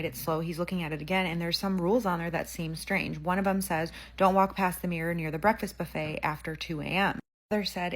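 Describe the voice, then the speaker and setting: A woman telling a creepy hotel story in a casual, chatty way, acting out the people's lines with lots of fillers. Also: fairly low pitch. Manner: chatty retelling with quoted voices and "like" fillers.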